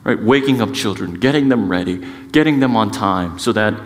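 A middle-aged man preaching a sermon as a pastor, conversational and self-mocking, with lively emphasis and frequent asides. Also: lowish voice, moderate pace, big-room sound. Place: church sanctuary.

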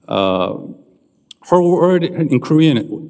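A slightly high-voiced man preaching a sermon in a long, ringing hall reverb. He talks in a relaxed way and keeps turning to the congregation with questions. The tone is that of a pastor speaking to his people. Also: moderate pace. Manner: conversational preaching, asks the audience questions.

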